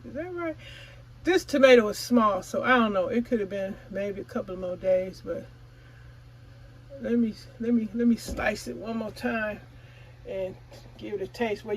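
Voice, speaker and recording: Eine Frau, die in lockerem Plauderton für ihren Gartenkanal vlogt, ihre Zuschauer direkt anspricht und manchmal beim Kauen redet. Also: female voice, medium pitch, a little slow, a little hiss or hum, rough recording. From California. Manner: chatty, addresses viewers as y'all; talks while chewing. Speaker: gardening vlogger. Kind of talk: casual vlog chat.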